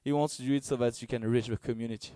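Male preacher, earnest and halting, dry close sound. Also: medium pitch, no echo. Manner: halting, searching for words, earnest; gets excited and loud in bursts. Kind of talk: sermon.

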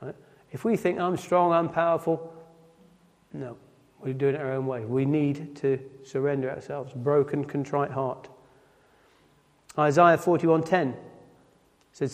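A man's voice: on the high side, steady tone, a little slow, long pauses. A man giving an earnest sermon, repeating key phrases and often checking in with "right?". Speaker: lay preacher. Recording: long reverb of a church hall.

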